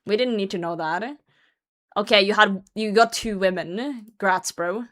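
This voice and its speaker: Reading a story aloud on stream at a measured pace, this woman has a mid-range, fairly bright voice. She chats casually, interrupting with blunt, profanity-laced remarks and frequent laughter.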